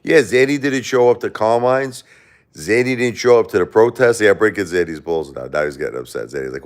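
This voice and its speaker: A middle-aged man chatting loosely on a livestream. His voice sits very low, yet his pitch swings widely as he jokes, swears and rambles through comments. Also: expressive, brisk. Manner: rambling, profane, joking with chat. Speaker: livestream host. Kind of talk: casual livestream chat reading comments.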